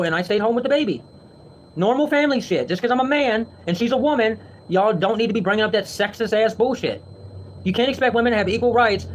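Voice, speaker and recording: A man's voice: high-pitched, slight background noise. A man ranting to his viewers from home, heated and defensive, with frequent swearing. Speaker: vlogger.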